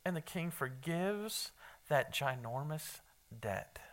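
A man's voice: on the high side, expressive, slow, fairly bright tone. A man preaching an evening sermon in a conversational, emphatic way, quizzing his congregation. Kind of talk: evening sermon with Bible reading.

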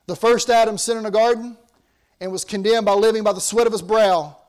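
A man preaching a sermon, earnest, rising to emphatic lines and sinking to hushed ones. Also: high-pitched, steady tone, a little fast.

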